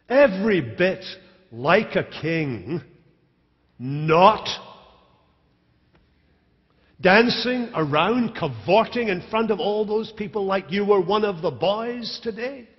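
A man's voice: high voice, lively intonation, slow pace, pitched above the performer's own voice. Male preacher doing a sarcastic, scornful queen, raised and drawn out, echoing in a church hall. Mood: mocking. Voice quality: biting sarcasm. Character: sarcastic scornful queen mocking her husband. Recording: reverberant church hall, dull live stream.

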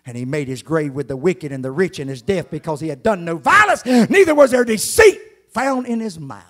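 A man preaching a sermon in church, dropping to hushed Scripture reading and then climbing into shouted, soaring exhortation. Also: fairly high pitch, sing-song, fairly quick. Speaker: pastor. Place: church sanctuary.

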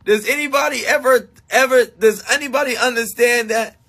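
A man livestreaming to his supporters, talking in a confessional, self-mocking way and swinging between shouting and hushed talk. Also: very high voice, moderate pace, vocal fry. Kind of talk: emotional livestream monologue.

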